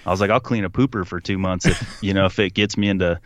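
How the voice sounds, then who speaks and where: A young man telling a story in casual conversation, animated, putting on voices for the people he quotes and laughing often. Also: low voice, quick pace. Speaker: podcast guest.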